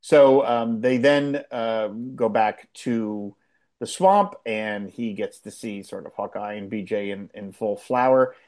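A man in casual conversation, rambling and animated as he recaps a television episode, with frequent restarts. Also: lowish voice, takes it slowly. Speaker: podcast co-host. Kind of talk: casual chat.

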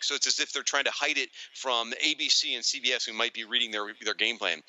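A man co-hosting a casual chat, excitable and animated, now and then slipping into silly voices for quoted lines. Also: medium pitch, fast, hardly any pauses, dry recording, poor audio. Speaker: podcast co-host. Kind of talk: casual chat about retro cartoons.

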